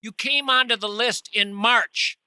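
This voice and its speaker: A man's voice: extremely high pitch, measured pace, sharp tone, clean tone, dry recording, studio quality. A man hosting a podcast, riffing in a rambling comic monologue with theatrical mock outrage. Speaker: podcast host. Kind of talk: rambling comic monologue and prank phone call.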